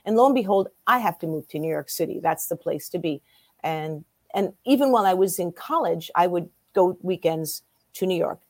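A woman in her sixties, a guest in an interview, telling her story in a lively way and acting out what other people said. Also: lowish voice, moderate pace, no room sound. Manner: lively storyteller who acts out quoted voices.

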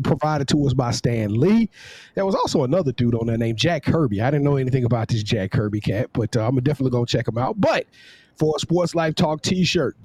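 A man's voice: a little high, a little mellow, dry recording. Teasing man running podcast trivia. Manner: teasing, drawn-out, repeats himself. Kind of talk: casual podcast banter.

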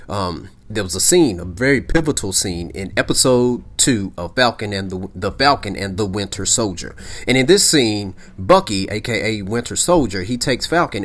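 A man's voice: medium pitch, a bit bright. A man hosting a solo podcast, talking casually and emphatically, repeating himself and checking in with "okay?" and "all right?". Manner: rambling, peppers lines with "okay?" and "all right?". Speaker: podcast host.

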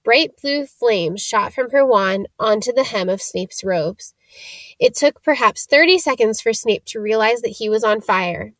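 A woman reading a novel chapter aloud in a steady storytelling manner. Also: on the high side, measured pace, dry recording. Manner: steady storytelling, shifting into character voices. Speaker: audiobook reader.

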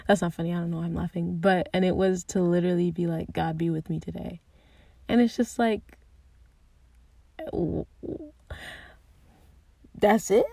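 A young woman speaking candidly and earnestly about her faith, thinking aloud with restarts and soft asides. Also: fairly low pitch, fairly even intonation, normal speed, vocal fry, long pauses, breathy edge, no echo. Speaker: Christian speaker sharing personal reflections. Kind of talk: candid personal reflection.

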